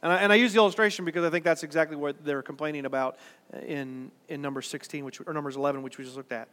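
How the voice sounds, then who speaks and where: In a church worship center, a male pastor with a high, bright voice preaches a sermon that rings with long hall reverb. He speaks rapid-fire with fairly even intonation, moving from conversational talk up to emphatic peaks.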